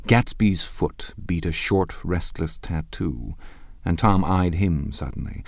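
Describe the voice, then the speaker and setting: A man narrating a novel as an audiobook in a measured, understated way. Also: deep voice, gravelly, a little mellow, dry recording. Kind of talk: scripted narration. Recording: dry close studio sound.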